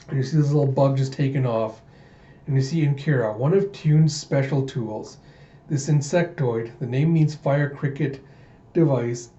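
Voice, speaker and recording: A man walks through a manga's chapters in a chatty, enthusiastic manner. His voice is mellow and warm in tone. The recording sounds dull and echoes around the room. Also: mid-range voice. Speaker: manga read-through host. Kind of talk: casual manga recap.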